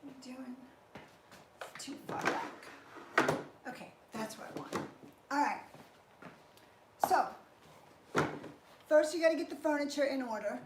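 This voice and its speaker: This high-voiced woman is a fitness trainer guiding a live workout indoors, friendly and motivating as she moves. She talks a bit slowly and leaves long pauses. The recording has room echo and faint noise.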